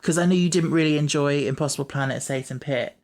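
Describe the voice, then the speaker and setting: A man hosting a podcast in casual chat, chatty and quick to explain himself, often doubting his own choices. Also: a little high. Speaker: podcast host.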